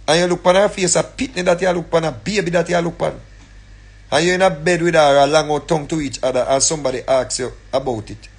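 Jamaican male streamer, husky and fairly high, angry repetitive rant. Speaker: live streamer. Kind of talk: ranting commentary.

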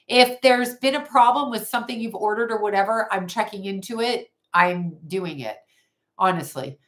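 A woman's voice: fairly low pitch, fairly bright tone. A woman hosting a psychic livestream from home, chatting casually and bluntly with viewers and swearing freely as she reads their comments. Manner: blunt, profane, talks back to chat.

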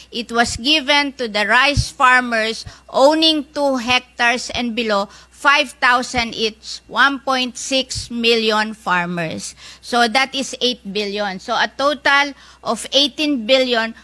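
Insistent Filipino woman, bright and high. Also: takes it slowly. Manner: firm, insistent, defends her record with figures. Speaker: senator. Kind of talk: debate.

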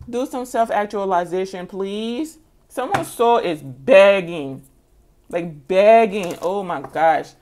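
A woman's voice: mid-range voice, a little mellow, slight background noise. A woman giving a casual tarot reading, blunt and emphatic, with sassy, scolding asides and the same points said again and again. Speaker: tarot reader.

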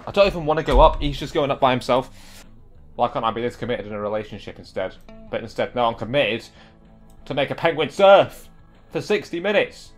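Animated young man playing a game. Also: medium pitch, fairly quick, faint music behind. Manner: exasperated, talks back at the game. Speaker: gaming video creator. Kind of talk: live gameplay commentary.

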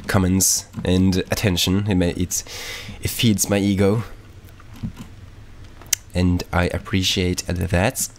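A man's voice: low-pitched, a little hiss or hum. A man giving casual, rambling let's-play commentary, swearing freely and talking offhandedly as he plays. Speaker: gaming YouTuber.

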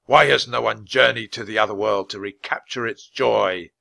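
A man voicing a mysterious, commanding knight, speaking slowly and loudly with a stern, booming delivery. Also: gravelly, dry recording, exaggerated voice.

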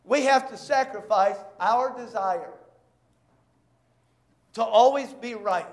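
High-voiced preacher in an echoey church. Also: male voice. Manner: emphatic, repeats lines, voices quick dialogue to make points. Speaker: pastor. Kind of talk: sermon.

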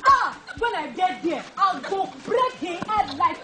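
Nigerian woman in a comedy skit, very high voice jumping all over, music playing behind. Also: takes it slowly, few pauses. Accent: Nigerian Pidgin English. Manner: loud, excitable, mixing Pidgin and English. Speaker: comic skit character.

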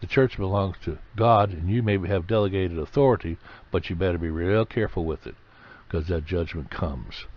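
A man's voice: low voice, moderate pace, hardly any pauses. A man teaching from the Bible in a conversational sermon, plain-spoken and repeating key phrases for emphasis. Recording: dull lo-fi recording.

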